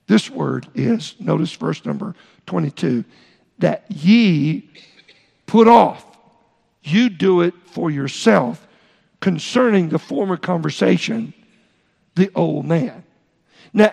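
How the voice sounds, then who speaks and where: Gravelly, husky man preaching in a hall. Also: sits high, a little mellow. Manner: halting, repeats words, explains Greek terms. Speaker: pastor. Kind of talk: sermon. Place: church sanctuary. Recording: long reverb in a large hall.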